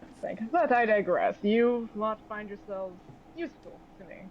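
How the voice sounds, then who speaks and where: A man's voice: high-pitched, normal speed, dull audio, a little hiss or hum, lightly acted. A man voicing a sly, mocking male ship captain who talks in a smug, theatrical way.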